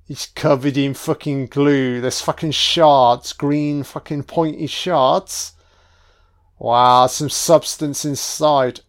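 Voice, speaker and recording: A man's voice: fairly high pitch, steady tone, takes it slowly. Bloke swearing his way through a movie commentary, chatty. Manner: sweary, exclaiming reactions at the screen. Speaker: film commentator. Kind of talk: casual audio commentary.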